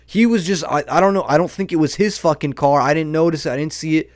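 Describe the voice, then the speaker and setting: A man's voice: on the high side, fast, no echo, clean studio sound. A young man hosting a podcast, telling a story in a rambling, profane, slangy way. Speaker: podcast host. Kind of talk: casual storytelling monologue.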